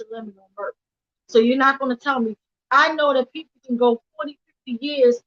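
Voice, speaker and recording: A woman giving impassioned personal testimony as an activist at a weekly vigil. She talks earnestly and emphatically and retells events in a rush, repeating "literally" and "I'm like". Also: a little high. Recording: dull lo-fi livestream audio.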